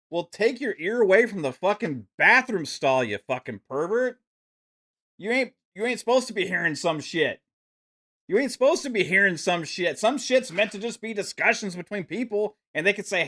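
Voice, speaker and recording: A man's voice: sits high, sing-song, normal speed, sharp tone. A man hosting a gaming podcast stream, ranting profanely and mocking with sarcasm. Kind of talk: ranting live stream commentary.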